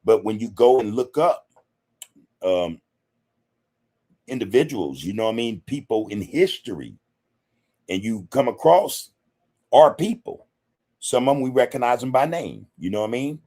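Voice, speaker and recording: A man's voice: medium pitch, animated, normal speed, pauses often, mellow. A man hosting a podcast, talking casually and emphatically while answering chat comments. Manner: emphatic, conversational, repeats "man" and "you know". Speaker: podcast host. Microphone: streaming setup microphone.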